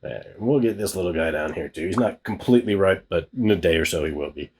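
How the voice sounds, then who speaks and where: A man's voice: low-pitched, expressive, quick pace, darkish tone, husky. A man hosting a gardening channel, chatting upbeat and casual as he shows off his hydroponic harvest, with a joking, self-deprecating manner. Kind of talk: casual hands-on demonstration.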